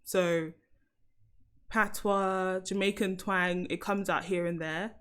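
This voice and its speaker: A woman's voice: fairly low pitch, fairly even intonation, slow pace, fairly bright tone, clear, resonant tone. A young woman from South London with a London accent, chatting casually on a live stream and laughing often. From South London, England.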